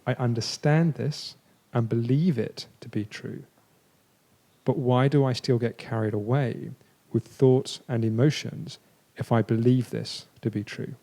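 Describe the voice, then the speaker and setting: A man's voice: mid-range voice, fairly even intonation, a little slow, creaky, dark tone. A man from the audience earnestly reading out a question to a teacher. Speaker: audience member asking a question.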